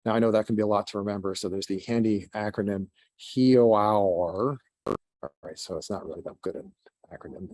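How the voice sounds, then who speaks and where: A man's voice: fairly low pitch, fairly even intonation, moderate pace, a little mellow, no room sound. A man giving an online conference presentation, telling a story in a conversational way over a video call. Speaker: conference speaker.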